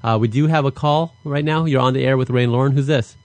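An upbeat male co-host rambling about the week's game, full of fillers. His voice is mid-pitched and sounds dry and close. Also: steady tone, fast, darkish tone, no room sound. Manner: upbeat, talks with lots of fillers. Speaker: podcast co-host. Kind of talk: casual sports chat.

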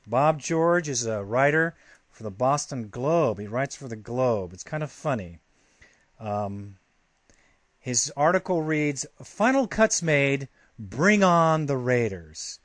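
A man's voice: medium pitch, expressive, measured pace, dry recording. A man hosting a sports podcast, talking casually and brashly, heckling a writer in a fan-style rant. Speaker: podcast host.

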